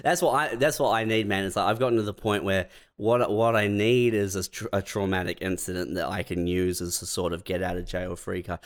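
A man's voice: sits low, steady tone, brisk, hardly any pauses. A man co-hosting a podcast, riffing on comic hypotheticals in casual chat. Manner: laid-back, riffing in hypotheticals. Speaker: podcast co-host.

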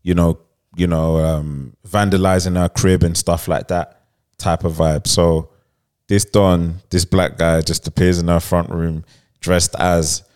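A man's voice: low-pitched, flat delivery, unhurried, darkish tone, clear, resonant tone. A man, co-hosting a podcast, casually retelling a plot with lots of fillers and laughter. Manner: rambling, many fillers, laughs while telling. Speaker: podcast co-host.

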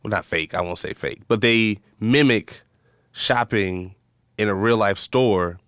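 A man co-hosting a casual chat, relaxed and laughing often, thinking aloud as he talks. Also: on the low side, measured pace, clear, resonant tone, no room sound, clean studio sound.

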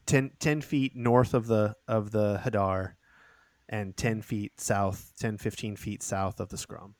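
A man narrating as game master of a tabletop role-playing game, chatty, laughing and giving the side characters quick voices. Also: lowish voice, steady tone, dry recording.

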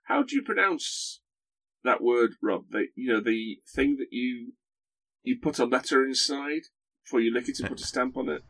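A man's voice: mid-range voice, animated, normal speed, vocal fry, a bit bright. A man guest-hosting a podcast, chatting with dry humour and lots of hesitations. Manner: hesitant, dry humorous, many fillers. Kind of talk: casual podcast chat.

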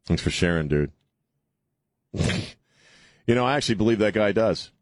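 Loose, joking low-voiced radio host. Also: male voice, expressive, normal speed, pauses often, no room sound, studio quality. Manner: rambling, restarts words, loose and joking. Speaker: radio talk show host. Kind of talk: casual call-in radio chat. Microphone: studio microphone.

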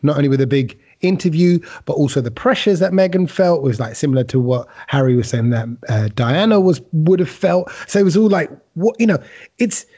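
Male podcast co-host, husky and quick, playful ribbing, fairly high voice. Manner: teasing, animated storyteller who slips into put-on voices. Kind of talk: casual chat.

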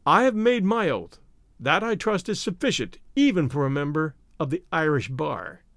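Pompous male executor, clipped and cold, pitched a bit high, read by a male narrator. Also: animated, moderate pace, fairly bright tone, no echo, clean studio sound. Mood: angry. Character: stern pompous male executor, middle-aged. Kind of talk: audiobook reading.

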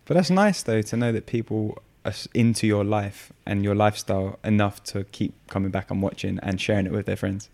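A man's voice: lowish voice, a little fast, vocal fry, hardly any pauses, darkish tone. A man hosting a podcast interview, bantering teasingly and laughing easily. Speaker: podcast host.

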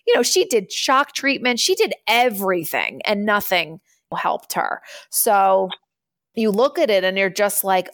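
A woman in her thirties talks frankly as an interview guest, her voice sitting at an ordinary middle pitch. She speaks in an earnest, conversational way and slips into the voices of people she quotes. The recording is dry and close, with no room sound. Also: sing-song, moderate pace, a bit bright, dry recording. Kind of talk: candid personal interview.

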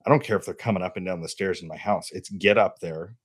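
Lowish voice dude hosting, chatty, kinda self-deprecating. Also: male voice, fast, slightly rough. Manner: conversational, self-deprecating asides. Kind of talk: casual chat.

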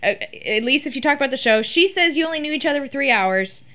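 A woman hosts a relaxed interview. She asks chatty follow-up questions in an ordinary mid-range voice. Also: high voice, fast talker. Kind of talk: casual interview.

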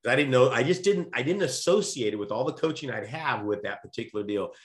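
A man telling a lively personal story in a casual chat, often restarting his sentences. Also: mid-range voice, fast. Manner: animated storyteller, frequent restarts. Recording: roomy echo.

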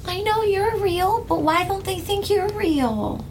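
A woman's voice: very high-pitched, animated, slow, darkish tone, a little hiss or hum, voice pushed up, exaggerated voice. A woman playing a bewildered, frantic young woman in a tabletop game. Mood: pleading. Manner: pleading, distressed questions.

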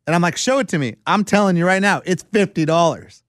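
A man's voice: high voice, brisk, no echo, clean studio sound. A man telling a story in casual chat, acting out the other people's lines in voices. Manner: animated, acts out dialogue in voices.

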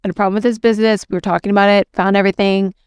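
A woman's voice: medium pitch, flat delivery, very fast, darkish tone, clean tone, no room sound, studio quality. A woman sales coach giving a candid, affirming motivational talk to women, casual and full of fillers.

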